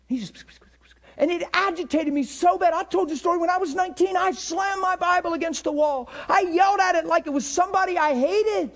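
Middle-aged male pastor, unusually high voice, fervent sermon delivery with big dynamic swings. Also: brisk. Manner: impassioned preaching that swings between hushed and shouted.

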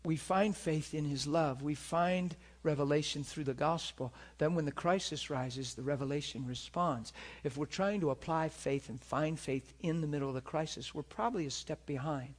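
A man's voice: fairly high pitch, moderate pace, few pauses. A middle-aged man preaching a storytelling sermon, acting out voices and crying out in places. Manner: animated, acts out voices and cries out.

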